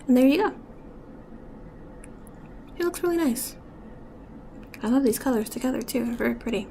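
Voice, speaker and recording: A woman giving a step-by-step beading tutorial, talking softly and often dropping to a whisper as she works. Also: high-pitched, animated, normal speed, creaky, slight background noise. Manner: soft-spoken, often drops to a whisper while working.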